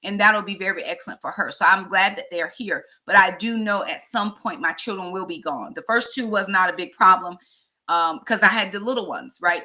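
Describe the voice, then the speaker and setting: A woman's voice: mid-range voice, bright, forceful tone. A woman in her fifties talking candidly and heartfelt to her viewers in a personal vlog. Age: 50s. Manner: heartfelt, conversational, addresses viewers directly. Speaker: vlogger and teacher.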